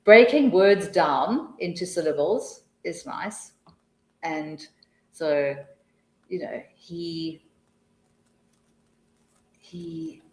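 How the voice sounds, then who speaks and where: A woman with a lowish voice runs a live webinar for language teachers, talking in a loose, chatty way that keeps restarting mid-sentence. She drops into quiet mutters to herself while she clicks between slides. It's recorded through a computer mic in an echoey room. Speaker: webinar presenter, TEFL trainer.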